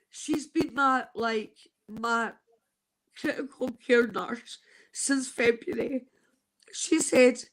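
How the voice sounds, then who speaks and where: A Scottish woman from Scotland telling an emotional personal story, halting and tearful. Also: high-pitched, fairly bright tone, low-quality recording.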